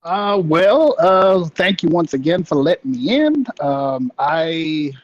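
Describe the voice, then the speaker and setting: A man's voice: on the high side, lively intonation, slow, lo-fi sound. A man guesting on a podcast in casual chat, laid-back and a bit hesitant, joking around.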